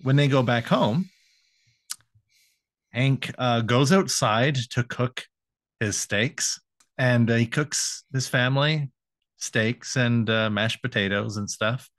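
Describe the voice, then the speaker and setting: A man chats through an episode recap at a slow, drawn-out pace, pausing constantly on uhs and ums and breaking into laughter. His voice sits at an ordinary middle pitch. The recording is dry, with no room sound. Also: a bit bright, dry recording. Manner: hesitant, lots of uh and um, quick to laugh. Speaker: podcast co-host. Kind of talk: casual chat recapping a cartoon episode.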